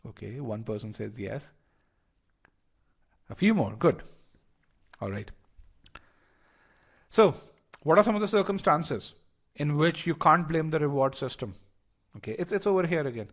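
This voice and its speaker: A man's voice: fairly high pitch, unhurried, long pauses. A man leading a live online class, talking through reasoning step by step with lots of restarts and fillers and polling his students. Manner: animated, frequent restarts and fillers. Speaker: test prep instructor.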